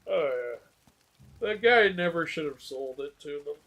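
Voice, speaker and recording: A man's voice: a little high, expressive, measured pace, fairly bright tone. A man streaming a game and chatting casually, joking, laughing often and tripping over his words. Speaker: streamer host. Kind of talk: casual chat while gaming.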